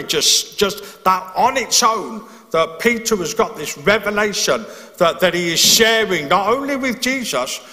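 A man's voice: sits high, pushed and bright. A man preaching a sermon, explaining earnestly and often restarting his phrases. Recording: long hall reverb.

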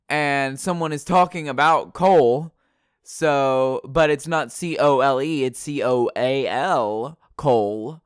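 Solo podcast host, man: slow, smooth voice, rambling and playful, dry bedroom sound. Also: on the high side, no room sound. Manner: playful, rambling, repeats words, drifts from the mic. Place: his bedroom.

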